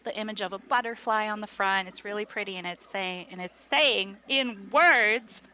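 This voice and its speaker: A woman's voice: mid-range voice, moderate pace, sharp tone, slight background noise. A woman narrating a tabletop game as game master, rambling with many fillers.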